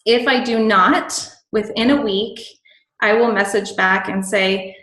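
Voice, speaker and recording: A woman's voice: medium pitch, takes it slowly, fairly bright tone. Bubbly woman sharing tips, lots of ums, roomy echoey sound. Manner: bubbly, chatty, many ums and likes. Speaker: team call guest speaker. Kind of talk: casual sales tips on a team call. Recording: echoey room.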